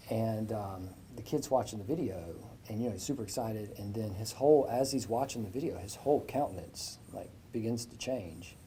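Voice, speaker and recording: A man's voice: on the low side, warm tone, a little hiss or hum. A man giving an inspirational speech with a faith message at a breakfast event, telling a story in a conversational way. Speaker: guest speaker at a business breakfast.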